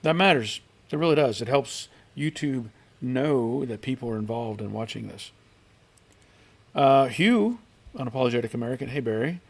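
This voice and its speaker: A middle-aged man hosts a relaxed live stream from his garage. He reads viewer comments aloud and greets each person in turn, in an everyday voice of middling pitch. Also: moderate pace. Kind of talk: casual live stream chat. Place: home garage.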